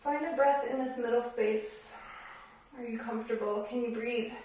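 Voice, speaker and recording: A woman yoga instructor guiding a class, giving calm, encouraging cues paced with the breath. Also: a little high, moderate pace, far from the mic. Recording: very echoey room, voice from off the mic.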